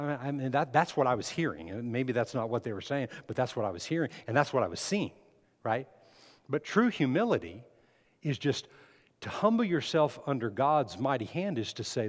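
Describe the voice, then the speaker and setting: A man's voice: medium pitch, sing-song, normal speed. Man preaching in an echoing hall. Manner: preaching with rising emphasis and rhetorical questions to the congregation. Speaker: pastor. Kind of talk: sermon. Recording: long hall reverb.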